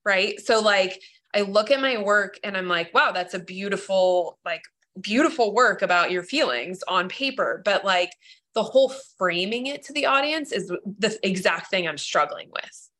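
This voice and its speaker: A woman's voice: medium pitch, lively intonation, normal speed, sharp tone. A woman sharing her writing struggles in a group workshop, talking earnestly and emotionally with many fillers over a video call. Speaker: workshop participant. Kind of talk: casual group discussion.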